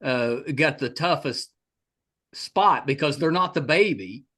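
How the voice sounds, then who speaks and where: A middle-aged man with a West Virginia accent hosts a casual podcast chat. His pitch is a little high and swings widely as he talks. He sounds enthusiastic, often restarting his sentences. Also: animated, slow pace, a bit bright. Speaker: podcast host.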